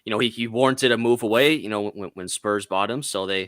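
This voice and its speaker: A man speaking as a guest on a football chat stream, measured and leaning often on "you know". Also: lowish voice, a bit bright, no echo, clean studio sound.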